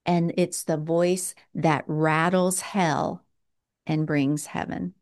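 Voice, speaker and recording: Woman preacher, low-pitched, slow deliberate sermon delivery with dramatic pauses. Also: steady tone, darkish tone.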